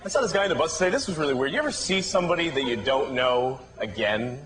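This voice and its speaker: A man's voice: medium pitch, animated, quick pace, over a noisy crowd. A male comedian doing stand-up, telling rambling self-deprecating stories. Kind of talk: stand-up routine. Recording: hissy old TV broadcast recording.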